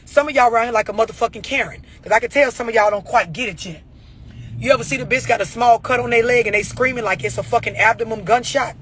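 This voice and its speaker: A man's voice: very high-pitched, quick pace, fairly bright tone, slight background noise. A man giving a blunt, profane motivational rant about overreacting, full of rhetorical questions. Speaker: motivational speaker.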